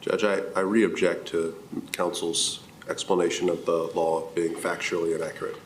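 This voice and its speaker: A man's voice: low voice, level tone, moderate pace. A man defense attorney raising clipped objections to the judge in a courtroom. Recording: echoey courtroom audio with clear noise.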